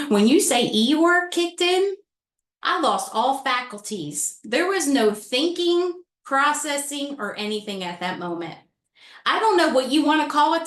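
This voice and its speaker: Middle-aged woman, panel speaker, dramatic animated storytelling, roomy echo. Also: fairly high pitch. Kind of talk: storytelling talk.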